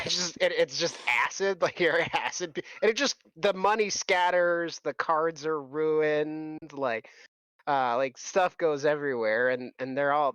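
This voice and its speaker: A man's voice: fairly high pitch, normal speed, a bit bright, dry recording. A man narrating a tabletop game as game master, rambling loosely and laughing between restarts.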